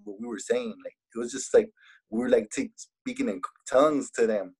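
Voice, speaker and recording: A young man from Laredo talks in a relaxed, husky voice with a Texas border Mexican-American accent. He speaks as a rapper being interviewed, sliding between English and Spanish. His pitch sits in an ordinary middle range. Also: moderate pace, low-quality recording. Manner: laid-back, switches between English and Spanish. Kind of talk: casual interview chat.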